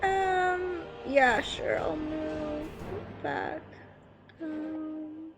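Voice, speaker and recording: A woman's voice: high voice, steady tone, extremely slow. A woman playing in a tabletop game, speaking hesitantly and unsure of herself, with many ums, with faint music behind. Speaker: player.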